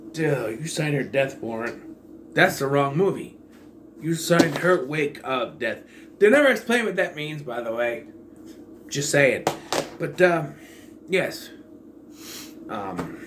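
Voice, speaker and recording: A man's voice: medium pitch, background noise. A man giving a casual, rambling movie review in a sarcastic, blunt way.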